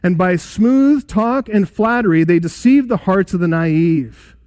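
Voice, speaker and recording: High-voiced man preaching, dry and close. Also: lively intonation, unhurried, dry recording. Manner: emphatic preaching, drops to quiet solemn asides. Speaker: pastor. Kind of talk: expository sermon.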